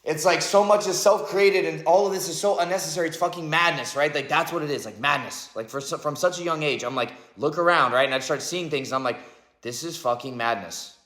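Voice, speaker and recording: A man's voice: fairly high pitch, fairly quick, fairly bright tone. Rambling, reflective man in his thirties. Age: 30s. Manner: rambling, reflective, heavy on "like" and "right?", swears often. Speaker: vlogger. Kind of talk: spiritual monologue. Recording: echoey room.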